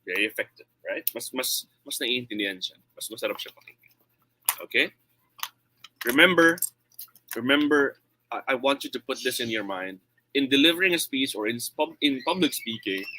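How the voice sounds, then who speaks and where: A man's voice: mid-range voice, moderate pace, no echo, low-quality recording. A Filipino man teaching an online speech lesson, switching between English and Tagalog and playing with his tone and volume to make his points. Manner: animated, plays with tone and volume, mixes in Tagalog.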